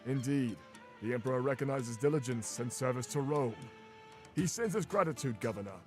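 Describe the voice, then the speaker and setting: A man's voice: medium pitch, lively intonation, fairly quick, a little mellow, soft background music, close to an everyday voice. A man voicing a ceremonious imperial messenger. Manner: ceremonious, formal. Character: formal male imperial messenger. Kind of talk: video game voice acting.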